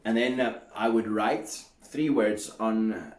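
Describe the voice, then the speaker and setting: A man's voice: fairly low pitch, slow, a little mellow, reverberant. A man, an English teacher, giving a pronunciation lesson and drilling sounds aloud by repeating them.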